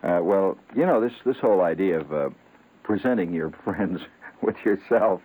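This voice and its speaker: A male radio host rambles through a comic monologue, halting and full of fillers. His voice is low and husky, with a pitch that bounces up and down. It comes through a tinny, phone-like old radio broadcast. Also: lively intonation.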